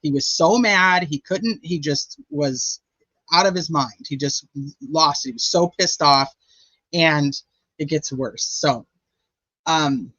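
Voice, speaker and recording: The dull, lo-fi, dry recording carries a fairly high, sharp-toned male voice speaking slowly. He hosts a true crime channel and keeps it casual and chatty, leaning on "like" and "you know."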